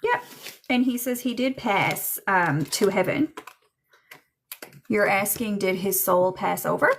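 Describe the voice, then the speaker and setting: A woman's voice: medium pitch, slow pace, slight background noise. A woman giving a medium reading on a livestream, chatty and hesitant, with lots of fillers and frequent laughter.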